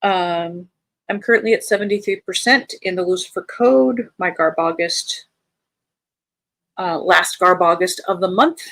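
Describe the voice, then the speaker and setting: A woman with an American accent hosts a live reading-sprint stream, chatting in a friendly, casual way and reading viewer comments aloud with bright lifts. Her voice is fairly low and a little slow, with no echo.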